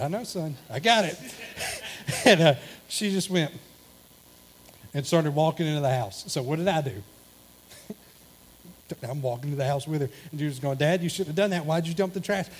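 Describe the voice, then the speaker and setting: A man's voice: on the high side, husky. A man, telling a funny anecdote in a sermon and acting out the voices of his family. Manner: animated storytelling, acting out quoted family members.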